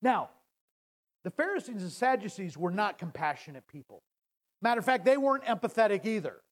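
A man preaching a sermon. He paraphrases scripture casually and swings from loud declarations to hushed words. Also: high-pitched, sing-song. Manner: dramatic swings from loud to hushed, slow emphatic phrasing. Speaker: pastor.

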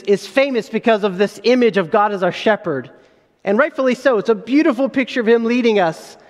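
High-voiced man preaching in a reverberant hall. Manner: earnest preaching with rising emphasis and frequent restarts. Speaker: pastor. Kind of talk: sermon.

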